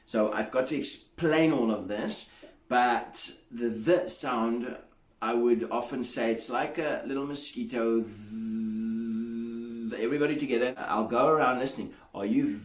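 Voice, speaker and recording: A man's voice: mid-range voice, moderate pace, reverberant. A man, an English teacher, giving a pronunciation lesson and drilling sounds aloud by repeating them.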